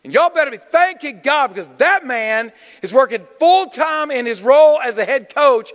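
A man's voice: extremely high pitch, animated, moderate pace, fairly bright tone, in a large hall. A man preaching to a congregation as a guest speaker, playful and engaging, questioning the crowd and drawing responses. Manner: playful, calls on the congregation, Southern "y'all". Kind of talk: lively interactive sermon. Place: church.

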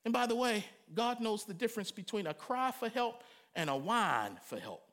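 High bright-voiced preacher guy, swoops all over, jokey sermon. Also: moderate pace. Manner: animated, humorous, conversational preaching with sudden loud cries.

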